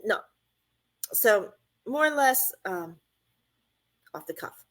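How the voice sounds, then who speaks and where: A woman's voice: mid-range voice, expressive, slow, fairly bright tone. A woman hosting a radio talk show, speaking in an emphatic, conversational way that repeats phrases for stress.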